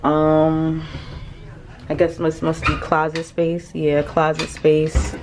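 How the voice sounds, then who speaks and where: A woman travel vlogger chatting excitedly to camera in a cruise ship cabin, repeating herself often. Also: deep voice, slow pace, noisy background. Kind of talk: casual chat to camera.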